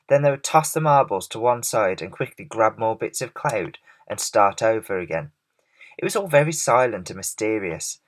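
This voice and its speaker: Man reading a storybook aloud. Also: lowish voice. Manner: expressive, measured reading with slight stumbles.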